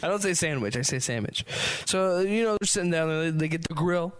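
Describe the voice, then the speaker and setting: A man's voice: high-pitched, fairly even intonation, quick pace, low-quality recording. A man improvising a rambling comic story as a podcast host, laughing often and swearing.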